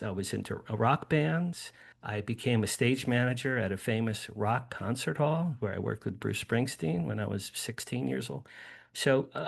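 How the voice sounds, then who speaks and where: An older man from New Jersey with a gravelly, creaky voice recounts a personal story as an interview guest. He speaks animatedly, doubles back often and restarts his sentences. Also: medium pitch. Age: 60s.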